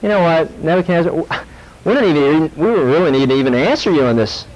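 Brief: preacher as a defiant young captive man, calm and unbending, speaking a little higher than his own voice. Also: quick pace, dull audio, lightly acted. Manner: calm, firm, matter-of-fact.

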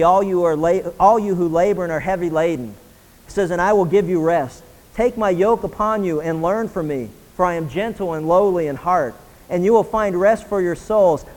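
A man's voice: high-pitched, a little mellow, big-room sound, low-quality recording. A man preaching a sermon as a pastor, earnest and rising in intensity on key points. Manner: earnest preaching, rising and pressing when emphatic.

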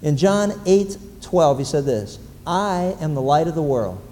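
A man preaching in an animated sermon style, stacking repeated phrases and punching them louder. His voice sits a little high but soft and mellow in tone. It rings out with long reverb in a big hall, with faint room ambience underneath. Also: measured pace. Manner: animated, repetitive emphasis, rising to loud exclamations.

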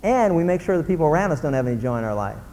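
A male pastor preaching a sermon in an animated way, acting out grumbling voices. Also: a little high, rapid-fire, big-room sound.

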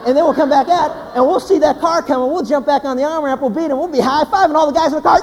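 A man, a pastor, giving a humorous sermon as an animated, joking storyteller. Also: very high-pitched, fast, few pauses. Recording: hall reverb, faint background noise.

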